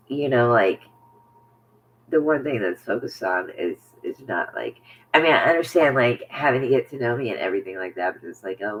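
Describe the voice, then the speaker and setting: A man telling a personal story to camera in a halting, rambling way, full of fillers and restarts, often sinking to a near whisper. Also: medium pitch, creaky, a little hiss or hum, poor audio. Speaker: vlogger.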